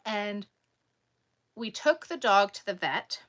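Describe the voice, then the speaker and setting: A woman vlogger casually telling a story in an animated, exasperated way. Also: medium pitch, takes it slowly. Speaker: crochet vlogger.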